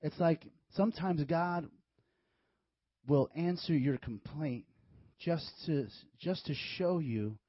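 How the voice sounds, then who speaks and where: A man's voice: a little high, takes it slowly, no echo, highs cut off. A man preaching a casual, joking sermon to young adults, acting out voices and slipping in asides. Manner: animated, acts out voices, jokey asides. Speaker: youth pastor.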